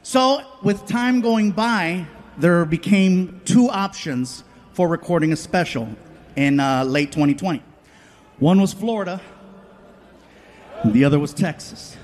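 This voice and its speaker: High-voiced man doing stand-up. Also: unhurried. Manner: animated storytelling, acts out voices. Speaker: stand-up comedian. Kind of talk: stand-up comedy. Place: stage before a live audience. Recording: live show with audience noise.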